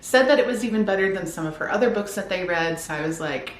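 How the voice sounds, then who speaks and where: A woman's voice: mid-range voice, expressive, fast talker. A woman chatting upbeat and casually about her new books from home, sometimes reading back-cover blurbs aloud. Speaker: book vlogger. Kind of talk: casual book haul chat. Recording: echoey room, faint background noise.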